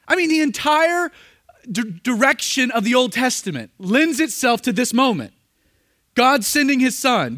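A man's voice: very high voice, no echo, studio quality. A young man preaching a sermon, telling stories with acted-out voices and reading scripture aloud. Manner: animated storytelling with acted-out voices. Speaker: pastor.

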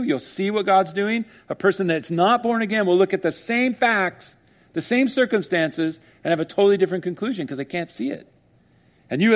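A man preaching a sermon in a conversational way, laughing often and acting out the voices of people he quotes. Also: on the high side. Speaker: pastor.

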